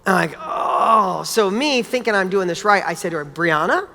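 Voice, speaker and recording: A man's voice: high voice, animated, moderate pace, gravelly, bright, forceful tone, in a large hall. A man giving a motivational talk. He tells personal stories in a casual, blunt way and swears now and then. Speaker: motivational speaker.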